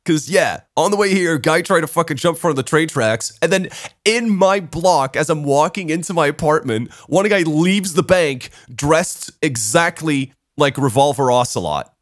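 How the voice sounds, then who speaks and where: Male podcast co-host, lively storyteller, casual and sweary, dry close mic. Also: a little high, moderate pace, dry recording. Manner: laughs often, swears casually. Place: Brussels, Belgium.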